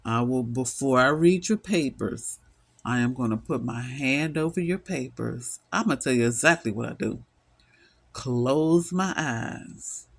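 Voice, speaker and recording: A man's voice: mid-range voice, unhurried, gravelly. A middle-aged man giving an impassioned solo monologue, weary, emphatic and repetitive as he stresses his points. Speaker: vlogger.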